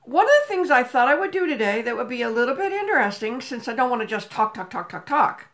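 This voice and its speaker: Very animated and fast, an older woman greets viewers by name and chats during a casual home livestream, filmed on a phone camera resting on a table. Her voice is on the high side and fairly bright.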